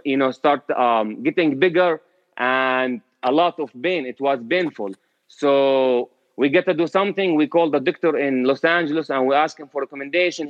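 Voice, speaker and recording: A man's voice: on the high side, no echo. A man speaking English with a non-native accent, telling his own story in a hesitant way, full of fillers. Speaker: interviewee. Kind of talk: personal storytelling. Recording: dry, dull lo-fi recording.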